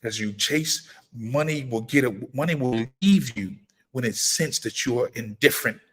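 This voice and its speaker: A man's voice: normal speed, breathy edge. Preacherly man hosting a livestream. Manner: preacherly, repetitive, emphatic; breaks into high-pitched excited exclamations when greeting viewers. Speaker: firearms trainer and livestream host. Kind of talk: casual livestream talk. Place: gun laws in Maryland.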